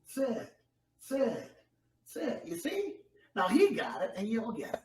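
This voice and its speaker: Speaking at an extremely high pitch, this male guest ventriloquist is very animated yet slow-paced, with a darkish tone. He tells stories in an upbeat, encouraging manner as part of a comedy ventriloquism act. Captured in an echoey room on a distant mic, with faint noise.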